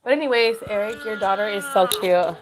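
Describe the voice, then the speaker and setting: A tired woman hosts a relaxed call-in podcast. She chats in a loose, scattered way and laughs often. She sometimes switches to a sing-song voice to coax a baby. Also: mid-range voice, a little fast, background noise. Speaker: podcast host. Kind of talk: casual chat with a caller.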